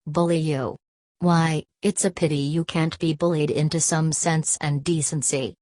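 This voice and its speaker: A woman's voice: low-pitched, fairly even intonation, a little slow, a little mellow, no echo, clean studio sound. A woman voicing a bitter, exasperated older father who scolds his daughter in an audiobook. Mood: angry. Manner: angry and scolding.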